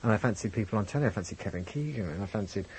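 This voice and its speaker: A man with a posh English accent, reminiscing candidly as an interview guest, animated when telling stories. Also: lowish voice, very fast, husky, poor audio. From England, grew up in Birmingham. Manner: reflective, animated storyteller, lifts voice for quotes. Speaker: guest, comedian and impressionist.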